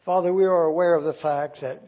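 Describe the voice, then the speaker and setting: A man preaching a sermon, telling an illustration as a slow, earnest story and briefly acting out the voices in it. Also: fairly high pitch, steady tone, mellow, muffled recording.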